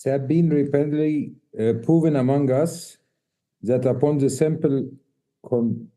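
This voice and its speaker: Man reading aloud on a video call, halting with restarts, very dark tone. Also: mid-range voice, steady tone, low-quality recording. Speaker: workshop participant reading aloud.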